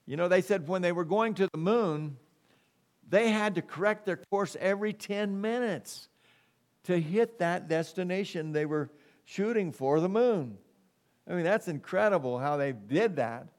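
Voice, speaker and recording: A man's voice: high voice, lively intonation. A middle-aged man preaching a sermon as pastor, emphatic and calling for "amen" from the congregation. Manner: slow, emphatic preaching with call-and-response "amen".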